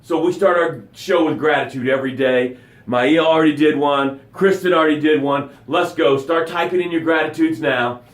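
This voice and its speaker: A man hosting a daily motivational live broadcast as a coach. He preaches with high energy, whooping and shouting. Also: moderate pace, echoey room. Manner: energetic, preachy, with whoops and shouts, then drops to soft breathing cues. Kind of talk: motivational live-stream talk.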